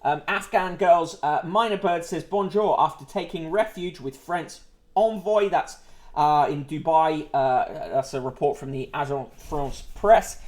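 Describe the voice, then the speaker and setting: A man's voice: fairly high pitch, a little slow. A man hosting a casual livestream newspaper review, reading headlines aloud with dry asides and plenty of ums.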